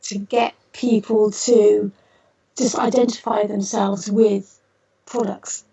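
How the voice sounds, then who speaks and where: A woman's voice: medium pitch, flat delivery, slow, gravelly, mellow, slightly rough, distant mic, muffled recording. A woman guest, an artist and theorist, telling chatty anecdotes in a podcast interview, with lots of fillers and restarts.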